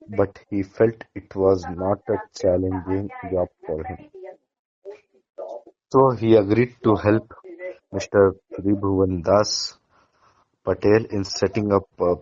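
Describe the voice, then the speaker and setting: Brief: low-pitched man, student, reads a lesson slowly with stumbles, dull lo-fi recording. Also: a little mellow. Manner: halting reader with small slips and restarts. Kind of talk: reading a textbook lesson aloud.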